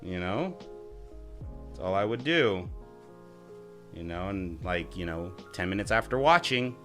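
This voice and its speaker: A man streaming and chatting casually, joking and swearing often, sometimes jumping into high mock voices. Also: animated, a little slow, pushed and bright, soft background music. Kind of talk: casual chat.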